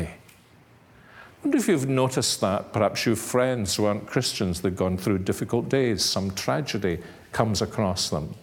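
Slow, low-voiced male preacher. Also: animated, husky. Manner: measured, earnest preaching with sudden emphatic rises. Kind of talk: sermon.

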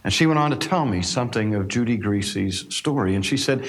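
A man's voice: on the low side, animated, a little fast, hardly any pauses. A male minister telling a personal story in a sermon, earnest and reflective, quoting the people he met.

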